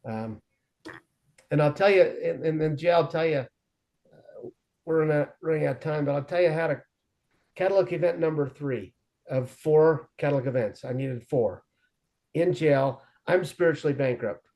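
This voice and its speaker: A man's voice: a little high, moderate pace, long pauses, dark tone. A man in his forties telling his recovery story in an earnest, conversational way, acting out quoted dialogue as he goes. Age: 40s.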